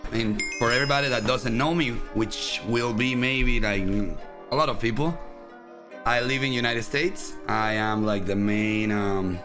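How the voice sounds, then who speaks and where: A man's voice: mid-range voice, fairly even intonation, normal speed, over music. A man with a Spanish accent, a native Spanish speaker, hosting a casual livestream interview in a loose, chatty way full of fillers. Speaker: host.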